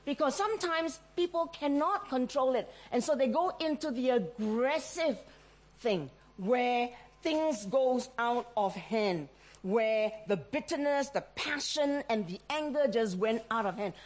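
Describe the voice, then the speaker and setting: A woman's voice: fairly high pitch, expressive, unhurried, a little mellow. A middle-aged woman preaching a sermon, telling stories with animation, acting out the voices she quotes and laughing often.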